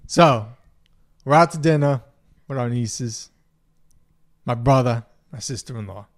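A man's voice: mid-range voice, unhurried. A man co-hosting a casual podcast with his wife. He rambles through his stories, laughing often along the way. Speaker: podcast co-host. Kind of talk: casual chat.

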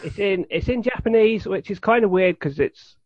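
A man co-hosting a podcast in casual chat, joking and lively, on a dull lo-fi recording. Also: sits high, moderate pace.

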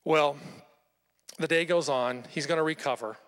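A man preaching a sermon, retelling a Bible story with lively storytelling and rhetorical questions to his listeners. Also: fairly high pitch, moderate pace, long reverb tail. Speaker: pastor.

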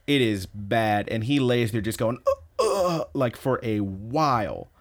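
A man's voice: on the low side, a little slow. A man co-hosting a podcast, casually retelling a story with lots of swearing and quoted lines. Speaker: podcast co-host. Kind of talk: casual recap chat.

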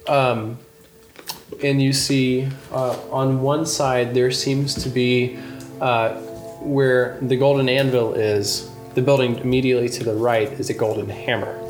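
A man running a tabletop game as game master, narrating haltingly with many ums. The recording is echoey, with music behind. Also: medium pitch, flat delivery.

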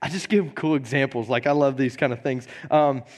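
A man, a pastor, preaching a sermon in a casual, joking way, often repeating words, and reading scripture slowly. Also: medium pitch, darkish tone. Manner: reads scripture slowly and deliberately.

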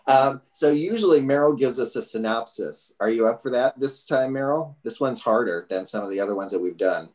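A man's voice: medium pitch, expressive, fairly quick, a little mellow. A man hosting a podcast, talking casually and rambling with lots of fillers. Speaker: podcast host. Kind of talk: casual chat.

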